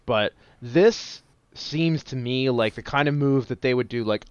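Wry podcast guy, smooth voice, bit dull lo-fi sound. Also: mid-range voice, measured pace, no room sound. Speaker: podcast co-host. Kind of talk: casual chat.

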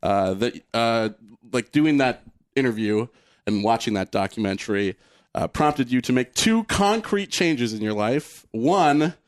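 A male podcast host with a middle-pitched, even voice sets up his questions at length in an easy, measured way. He sounds relaxed and conversational throughout. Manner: measured, asks long set-up questions. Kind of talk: casual podcast chat.

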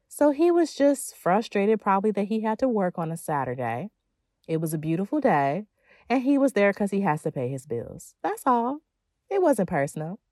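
A woman's voice: mid-range voice, a little mellow, no room sound. A woman giving a motivational monologue as a feminine energy coach, emphatic and casual, with slang and playful asides.

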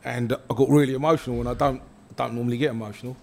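Ex-footballer guest, middle pitch, hesitant with lots of restarts, faint background noise. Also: male voice, fairly even intonation, vocal fry. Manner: halting with many restarts, laughs easily. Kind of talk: telling a story on stage. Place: live event with an audience.

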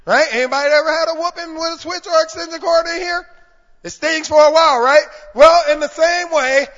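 A man preaching a sermon in church, calling out to the congregation and swinging from hushed talk to shouting. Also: very high voice, fairly even intonation, a little fast. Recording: reverberant hall, dull lo-fi sound.

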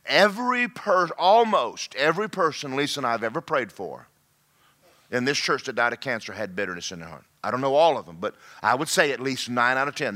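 A male pastor, preaching a sermon in an animated way that swings from loud to hushed. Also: medium pitch.

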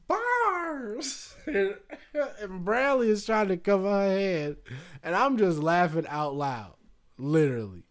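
A man in his thirties hosting a podcast, spinning a loose, profane story full of fillers and asides. His voice sits a little higher than most men's, and he slips into other people's voices as he goes. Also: expressive, moderate pace. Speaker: podcast host. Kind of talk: casual storytelling.

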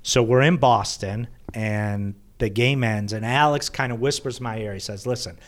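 A man who works in sports public relations, telling stories on a podcast in an animated way and laughing as he talks. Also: mid-range voice, normal speed. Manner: animated anecdote teller, laughs while talking. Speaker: sports PR executive. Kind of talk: podcast storytelling.

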